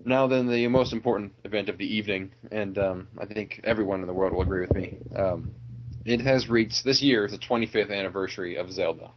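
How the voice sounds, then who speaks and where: A man with a fairly low voice hosts a loose, casual conversation. He rambles and chuckles often, and he fills his pauses with ums and restarts. The recording sounds a little dull and lo-fi. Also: noisy background. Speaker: podcast host. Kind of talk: casual chat.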